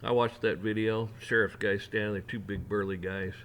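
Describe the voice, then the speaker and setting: A man delivering a heated opinion rant, mocking officials in sarcastic put-on voices and building up to near shouting. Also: lowish voice, level tone, moderate pace, slight background noise. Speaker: rant channel host.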